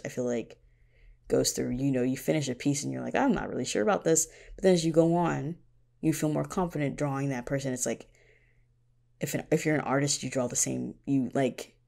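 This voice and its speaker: A woman's voice: extremely low pitch, gravelly, mellow. A woman hosting a casual solo podcast, talking candidly about her own writing, swearing freely and often laughing. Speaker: podcast host and fan fiction writer.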